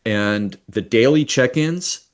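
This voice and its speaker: A man leading a live online coaching workshop, talking in a quick, energetic and enthusiastic way. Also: medium pitch.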